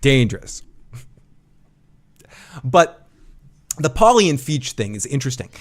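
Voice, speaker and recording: A man with a Boston accent hosting a live show commentary, animated and quick to swear. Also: medium pitch. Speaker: podcast host.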